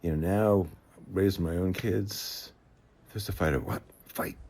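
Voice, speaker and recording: A man, telling stories from his life in an unhurried, conversational way with frequent hesitations and restarts. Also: sits low, steady tone, a little mellow. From the Bronx, New York. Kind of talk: reflective personal storytelling. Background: faint guitar music.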